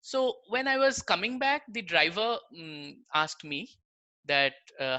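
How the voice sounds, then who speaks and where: A man's voice: on the high side, sing-song, unhurried, bright, forceful tone, rough recording. Guy giving a chatty lecture, voice jumps around a lot, keeps saying right? and you know. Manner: conversational, explains with examples, keeps checking in with "right?" and "you know". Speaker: guest lecturer, language researcher. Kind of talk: online public lecture.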